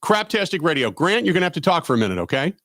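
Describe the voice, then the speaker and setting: A man's voice: fairly high pitch, big pitch swings, racing, a bit bright, dry recording. A man hosting a sports radio show, telling rambling self-mocking stories in casual banter at a studio microphone.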